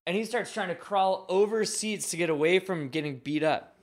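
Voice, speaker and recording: A man's voice: sits high, normal speed. A man, a professional skateboarder and podcast guest, telling a story in a loose, profane way, full of fillers. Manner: profane, filler-heavy, animated retelling. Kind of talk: casual storytelling.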